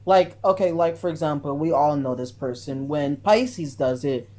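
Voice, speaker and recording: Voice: mid-range voice, normal speed, mellow. A speaker in a casual live-stream discussion who starts hesitantly, then explains at length.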